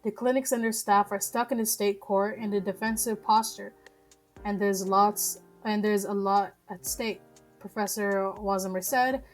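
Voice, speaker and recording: A woman's voice: medium pitch, fairly even intonation, normal speed, faint music behind. A young woman reading news articles aloud on a live stream, stumbling over words and breaking in with blunt, profane rants.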